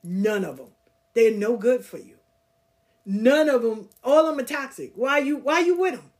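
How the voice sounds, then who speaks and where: Animated woman telling a story. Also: on the high side, moderate pace. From Southern United States. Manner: animated, slangy, acts out quoted voices. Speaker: podcast host. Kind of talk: casual storytelling and spiritual encouragement.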